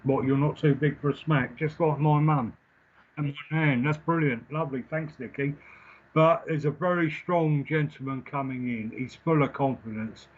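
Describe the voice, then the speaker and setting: A man working as a psychic medium and giving a live spirit reading. He talks in a gentle, reassuring way and keeps checking in with "okay?" and "all right?". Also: a little high, fairly even intonation, normal speed. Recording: slightly dull lo-fi stream audio.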